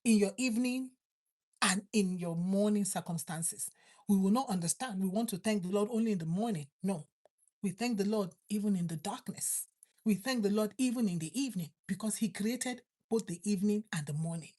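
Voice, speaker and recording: A woman preaching and praying, repeating her thanks to God and slowing down on key words. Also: mid-range voice, warm tone. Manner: fervent, repetitive prayer phrases, slows for emphasis. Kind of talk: prayer and sermon.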